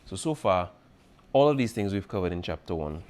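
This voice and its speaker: A man's voice: low-pitched, lively intonation, a little fast, darkish tone. A man as a teacher going over an exam review, patiently repeating key points and checking in with his students. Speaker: Spanish teacher.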